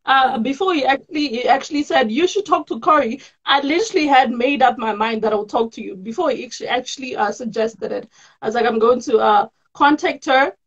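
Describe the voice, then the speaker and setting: High-voiced South African woman hosting a video chat. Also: fairly quick, slightly rough, dull audio. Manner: laughs often, effusive and repetitive. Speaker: host. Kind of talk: casual video-call chat. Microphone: video call.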